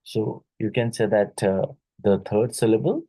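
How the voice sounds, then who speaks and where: Slow husky man teaching exam answers. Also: lowish voice, dark tone, no echo, low-quality recording. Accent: Indian English. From India. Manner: slow, repeats key words, many fillers. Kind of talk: exam question-and-answer lecture.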